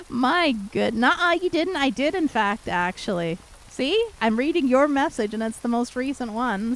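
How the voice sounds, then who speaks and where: A woman from Canada streaming live and chatting warmly with her viewers, affectionate and giggly, a little worn from losing her voice. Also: fairly high pitch, animated, unhurried, a little hiss or hum, rough recording. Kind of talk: casual live-stream chat reading viewer messages.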